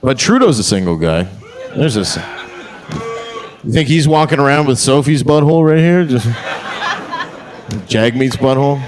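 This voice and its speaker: A man's voice: mid-range voice, animated, moderate pace, pauses often, a crowd in the background, background noise. A man doing a stand-up set on a comedy stage, rambling through crude punchlines into a handheld mic.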